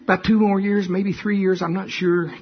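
An older man preaching a sermon full of stories, talking in an animated, folksy way that often repeats itself. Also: high voice, moderate pace, husky, muffled recording. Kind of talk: sermon with storytelling.

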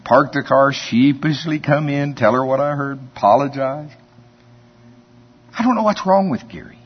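A man's voice: mid-range voice, expressive, normal speed, husky. A man preaching a sermon in a folksy, conversational way, telling stories and chuckling often. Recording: dull lo-fi sermon recording.

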